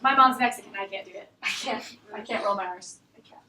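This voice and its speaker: Heard from far off in an echoey classroom with a little hiss or hum, this female history teacher has a mid-range, steady voice that comes out fast, pushed and bright. She keeps things chatty, quizzing her students and sharing jokes and laughs with them.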